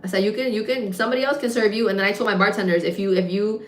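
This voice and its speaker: A woman livestreaming, telling a story in a casual, animated way, swearing often and acting out the voices of other people. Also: mid-range voice, very fast. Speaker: livestreamer and gym content creator. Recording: echoey room.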